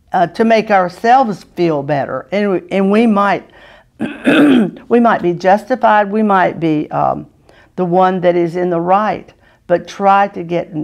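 A woman teaching a children's Sunday school lesson, patiently asking the children questions and often clearing her throat. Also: on the low side, a little mellow.

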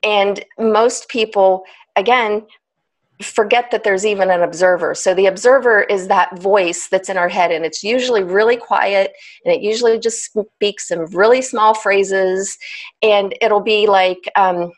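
A woman, a trauma specialist explaining ideas as a podcast guest, animated and laughing often. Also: mid-range voice, unhurried. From United States. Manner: animated, laughs often, acts out inner voices.

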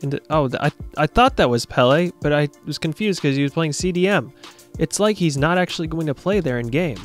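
A man's voice: on the high side, fairly quick, faint music behind. A young man giving casual, jokey commentary over a football video game, talking straight to his viewers. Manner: jokey, excitable, talks to viewers. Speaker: gaming YouTuber.

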